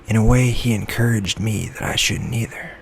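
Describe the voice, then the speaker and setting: A man reading his own novel aloud in a soft-spoken ASMR style, slipping into whispers now and then. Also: fairly even intonation, normal speed, creaky. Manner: soft, low-key reading that slips into whispers. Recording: lo-fi with faint background noise.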